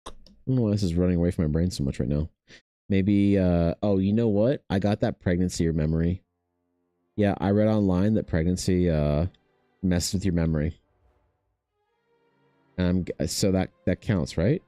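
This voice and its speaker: Mellow-voiced rambling young man. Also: deep voice, moderate pace, pauses often, no echo, soft background music. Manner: rambling, animated storytelling with lots of fillers. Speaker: artist hosting a drawing stream. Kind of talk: casual chat while drawing.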